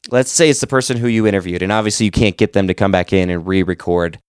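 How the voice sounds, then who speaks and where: A man's voice: deep voice, fairly even intonation, fast, slight background noise. A man and podcast host giving casual, conversational advice on editing, explaining with examples. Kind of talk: casual instructional talk.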